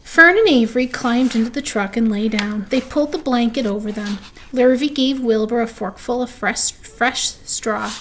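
Female storybook reader, slightly high voice, steady delivery. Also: moderate pace, a little hiss or hum. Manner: steady, with small restarts. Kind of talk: reading a children's book aloud.

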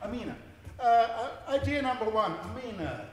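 A man's voice: very high voice, sing-song, fast talker, a faint crowd, slight background noise. A man leading an audience through a forum theatre game in a large hall, playful and encouraging as he explains the rules. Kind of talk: guiding a live audience.

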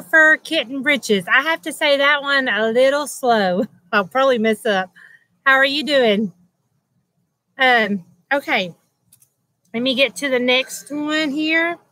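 A woman hosts a relaxed livestream, chatting and calling out viewers by name. Her voice sits a little high with a bright, crisp edge, and she takes her time. The sound is dry and close. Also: no room sound, poor audio. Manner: chatty, greets viewers by name, laughs often. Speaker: livestream host. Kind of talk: casual livestream chat. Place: at home beside a loud air conditioner.

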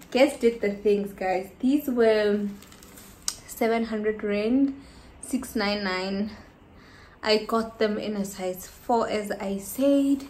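A woman from South Africa filming a casual haul vlog at home, tired and short of breath, chatty and excitable, sometimes dropping to a whisper. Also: medium pitch, takes it slowly, slight background noise. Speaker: vlogger.

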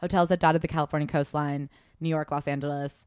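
A quick-talking young woman comedian co-hosting a podcast, riffing through a memoir recap with a lot of energy. Her voice sits a bit low, and the recording is close and dry. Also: clean tone, no echo. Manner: animated, acts out quotes, swears freely. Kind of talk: casual comedic book-club chat.

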